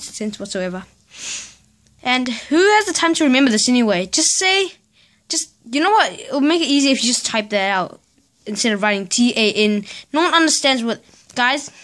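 A woman with a somewhat high voice vlogs in a loose, casual way. She rants with sarcastic exasperation and spells out letters one by one in disbelief. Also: lively intonation, fairly quick, fairly bright tone. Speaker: vlogger. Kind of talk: casual vlog rant.

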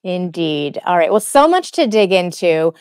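A woman's voice: on the low side, very animated, normal speed, a little mellow, clean tone, dry recording, clean studio sound. A woman hosting a tech podcast in a friendly, easy-laughing way, sometimes restarting her sentences. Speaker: host. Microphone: studio microphone.

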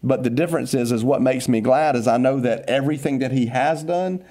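A man's voice: mid-range voice, a little fast, mellow. A man, a pastor giving a casual, upbeat devotional talk on a podcast, teasing his co-host, then turning earnest.

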